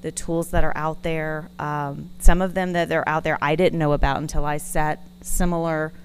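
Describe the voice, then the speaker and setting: Woman in the crowd at a tech talk, friendly and upbeat, somewhat low voice. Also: flat delivery, normal speed, slight background noise, poor audio. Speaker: audience member. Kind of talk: audience comment at a conference. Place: conference room.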